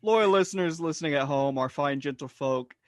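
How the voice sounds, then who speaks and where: A man's voice: on the high side, brisk, dry recording, studio quality. A man co-hosting a podcast, cracking puns and wisecracks in casual chat. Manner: wisecracking, punny. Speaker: podcast co-host.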